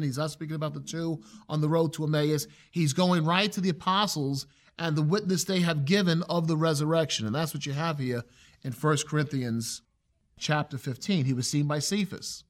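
A man delivers an expository Bible lesson with a slightly high voice. He speaks earnestly and with emphasis, changing his pace to stress certain points. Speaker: preacher.

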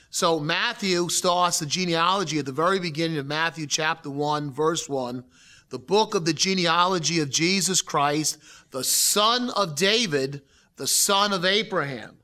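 Guy preaching a bible sermon, reads verses then explains, bright voice. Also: fairly high pitch. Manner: expository Bible teaching, reads scripture aloud then explains. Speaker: pastor.

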